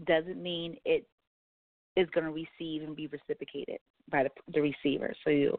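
A woman with a low voice delivers a blunt, frank talk radio rant and swears casually. Her voice comes through thin and tinny, like a phone line, with a dry, close sound. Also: little pitch movement, brisk, no echo. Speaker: radio show host.

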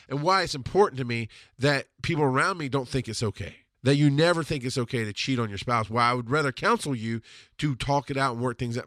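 A man hosting a podcast, talking through listener questions in a blunt, intense way, swearing freely and slowing down hard on the points he wants to land. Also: medium pitch, animated, fairly bright tone, no room sound, studio quality. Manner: emphatic, slows down on hard points. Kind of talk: casual monologue.

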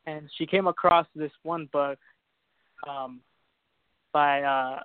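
A man calling in with a hesitant, filler-heavy manner, his voice somewhat high, smooth and clear. The line is dry and narrow like a phone call, with no room sound. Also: fairly even intonation, takes it slowly, dry recording. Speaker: caller. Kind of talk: call-in question.

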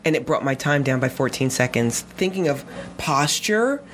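A woman's voice: very deep voice, animated, normal speed. A woman guest on an interview show, telling stories animatedly, laughing often and repeating phrases for emphasis. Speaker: guest photographer and filmmaker. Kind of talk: conversational storytelling.

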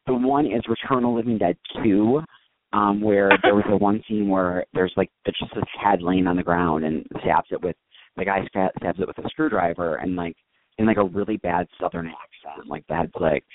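A man chatting casually as a podcast host, animated and rambling with many fillers. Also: low-pitched, normal speed. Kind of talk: casual chat. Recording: tinny phone line with faint hiss.

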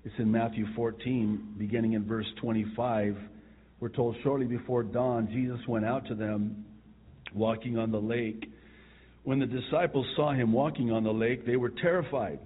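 A male pastor preaching a sermon, telling the story with chuckles and soft asides. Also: mid-range voice, normal speed, husky. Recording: tinny phone-like sound.

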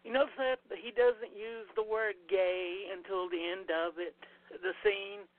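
A man co-hosting a casual movie commentary, blunt and profane, talking in quick bursts with restarts. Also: sits high, steady tone. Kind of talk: casual chat over a movie. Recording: tinny phone-like sound, dry.

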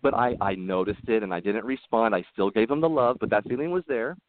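Low-voiced man on a tinny line. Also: fairly quick, a little hiss or hum. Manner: rambling, earnest, with frequent restarts. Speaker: podcast guest. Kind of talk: casual interview storytelling. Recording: tinny phone-like line, dry.

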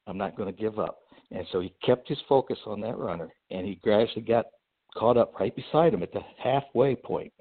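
Animated male storyteller on a phone-like line. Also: fairly low pitch, a little fast, slightly rough. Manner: animated storyteller with fillers and restarts. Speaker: guest entrepreneur. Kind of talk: storytelling in a podcast interview.

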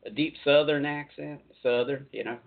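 This radio host and channeler runs a call-in show, chatting in a rambling manner and laughing readily. He speaks at a moderate pace in a slightly high voice with fairly even intonation and vocal fry, and the sound is tinny like a phone line.

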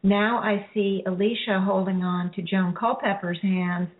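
A woman hosting a radio-style healing show, guiding listeners through a release in a slow, soothing, halting way. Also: medium pitch, fairly even intonation. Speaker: spiritual healer hosting a show. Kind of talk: guided healing session. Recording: phone-like narrow sound.

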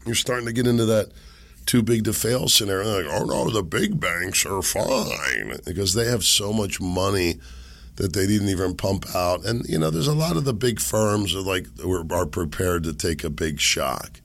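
Sick guy rambling on his podcast, lowish gravelly voice, sarcastic muttering into a boom mic. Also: moderate pace, a bit bright. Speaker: podcast host. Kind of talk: casual commentary monologue. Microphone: boom microphone on a desk.

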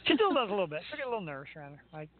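A man hosting a radio talk show, telling animated stories with playful asides. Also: sits high, racing. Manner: animated storyteller, playful voices in anecdotes. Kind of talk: casual radio banter. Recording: tinny phone-like line.

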